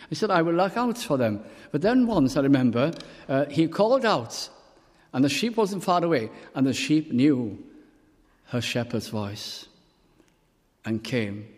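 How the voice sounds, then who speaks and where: An older man from Wales preaching a sermon, telling personal stories and quoting scripture slowly. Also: mid-range voice, long reverb tail. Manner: storytelling, warm pauses, quotes scripture slowly.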